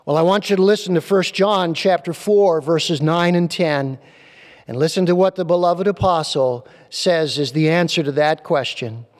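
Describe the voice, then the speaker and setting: A male pastor preaching a sermon in a church, emphatic and repeating key phrases slowly. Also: on the high side. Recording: long reverb of a large hall.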